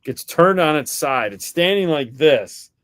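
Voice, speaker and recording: Animated storytelling man on a dry mic. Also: on the high side, a little slow, dry recording. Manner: animated storyteller acting out quoted dialogue; swears casually. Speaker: podcast co-host. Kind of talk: casual chat.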